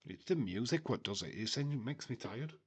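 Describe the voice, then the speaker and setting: A man's voice: mid-range voice, lively intonation, normal speed, breathy edge. A man hosting a live watch-along stream, chatting casually, laughing and making puns. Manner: chatty and jokey, laughing at his own puns. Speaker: livestream host.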